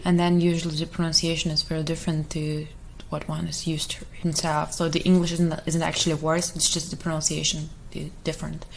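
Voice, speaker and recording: A woman whose first language is Russian, chatting in a soft ASMR voice, giggling often and rambling, sometimes whispering. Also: sits low, level tone, fairly quick, gravelly, few pauses, a little hiss or hum, low-quality recording. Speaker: ASMR creator. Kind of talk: soft-spoken ASMR chat.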